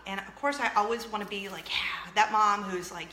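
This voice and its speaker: A woman's voice: mid-range voice, brisk, pushed and bright, reverberant, slight background noise. A woman in her thirties hosting a casual vlog, chatty and self-mocking, laughing often and acting out what people said. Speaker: vlog host. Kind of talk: casual chat to camera.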